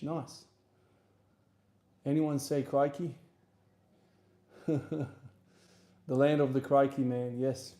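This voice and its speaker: He speaks slowly and pauses often, with a medium pitch. This Australian-accented streamer and lifter from South Australia chats on a livestream between gym sets, taking chat's questions in a relaxed, rambling fashion.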